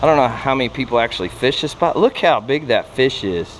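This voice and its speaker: Excitable man fishing outdoors. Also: mid-range voice, fairly quick. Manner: excitable, exclaims often, laughs a lot. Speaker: fishing vlogger. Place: outdoors by a creek under a bridge. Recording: noisy outdoor camera audio.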